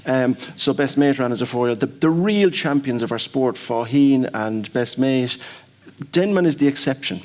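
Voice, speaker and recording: Male panelist, emphatic, mid-pitched. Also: expressive, normal speed, darkish tone. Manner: emphatic, argues with examples. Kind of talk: seminar panel discussion.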